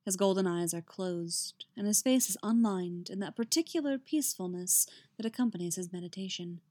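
A woman reading fiction aloud in a calm, unhurried storytelling manner. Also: medium pitch. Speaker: reader. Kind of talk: audiobook-style fiction reading.

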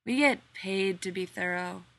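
A woman's voice: mid-range voice, a little slow, vocal fry. A woman voicing a cocky, flirty male workman in an audiobook reading, smug and easygoing.

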